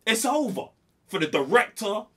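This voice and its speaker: A young man, co-hosting a casual movie review chat, animated and slangy, repeating himself for emphasis. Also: high voice, normal speed. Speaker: podcast co-host.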